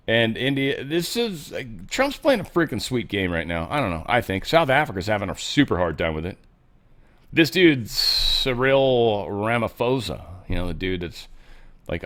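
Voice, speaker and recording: A man hosting a solo commentary show, talking casually and sarcastically, swinging between loud outbursts and muttered asides. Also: mid-range voice. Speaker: host of a political commentary show.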